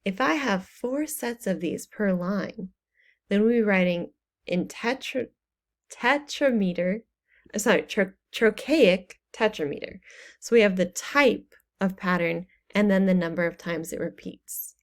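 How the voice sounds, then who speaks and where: Woman instructor, relaxed explanatory lecture voice-over, casual with fillers, mid pitch. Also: measured pace. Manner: explanatory, casual teaching with fillers and self-corrections. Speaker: online course instructor. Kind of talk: recorded lecture narration.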